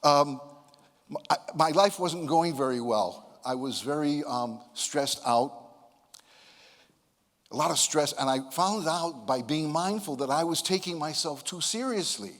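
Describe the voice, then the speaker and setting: Older male speaker, slightly high voice, playful self-mocking storyteller, long hall reverb. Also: expressive, unhurried, a bit bright. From United States (Connecticut). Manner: playful, self-deprecating, humorous. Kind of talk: motivational talk with storytelling.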